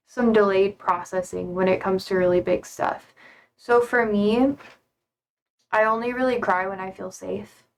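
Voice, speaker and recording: A woman live-streaming from home, chatting casually and rambling with lots of fillers as she reads viewer comments aloud into a desk mic. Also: medium pitch.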